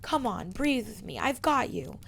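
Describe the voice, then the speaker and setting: A woman voicing a young woman who gently soothes a crying friend, in an audiobook reading. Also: on the high side, sing-song, unhurried, gravelly, husky, full character voice. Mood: soothing. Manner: gentle, reassuring, coaching breaths.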